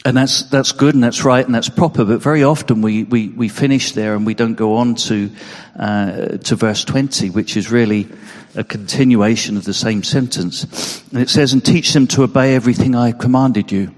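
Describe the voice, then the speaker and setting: A man's voice: medium pitch, steady tone, moderate pace, few pauses, a little mellow. Guy preaching a sermon, earnest and kinda emotional, repeats himself, long echoey church hall. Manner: earnest, repeats words when emphasising.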